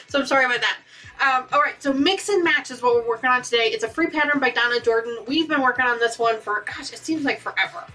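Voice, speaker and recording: A woman's voice: sits high, quick pace, bright, forceful tone, distant mic. A woman hosting a live quilting stream, chatty and upbeat, greeting viewers by name. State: has the hiccups. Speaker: quilting channel host.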